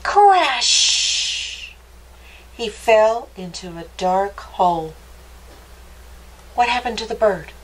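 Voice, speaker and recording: A woman reading a picture book aloud to children for a library storytime, stopping often to ask them gentle, playful questions. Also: medium pitch, slow pace, pauses often, slight background noise, rough recording.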